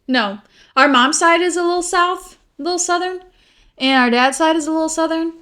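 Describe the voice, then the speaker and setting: A young woman with an extremely high, bright, forceful voice talks a little fast while co-hosting a podcast. Her casual chat is rambling and giggly, packed with "like."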